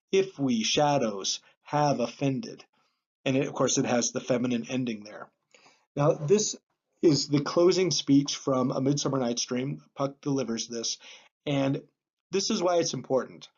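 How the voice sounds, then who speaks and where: A man's voice: mid-range voice, husky. Man giving a plain, filler-heavy lecture. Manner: plain explanatory, with frequent um and uh fillers. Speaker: teacher. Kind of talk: classroom lecture. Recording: slightly dull lo-fi recording.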